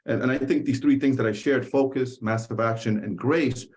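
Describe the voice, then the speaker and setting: A man's voice: mid-range voice, fairly even intonation, moderate pace, a little mellow. A man from the Dominican Republic, a podcast guest telling a story in an emphatic, conversational way and repeating phrases for stress.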